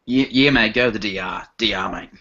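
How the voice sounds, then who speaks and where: A man's voice: fairly low pitch, a little fast, sharp tone. A man with an Australian accent throwing in dry, brief quips during a casual video hangout. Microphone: video call. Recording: lo-fi video call audio.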